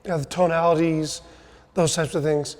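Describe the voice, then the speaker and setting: A man's voice: a little high, flat delivery, moderate pace, a little mellow, big-room sound. A middle-aged man hosting a casual podcast interview, coaching his guest and often tagging on "right?" and "you know". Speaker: podcast host, sales team leader.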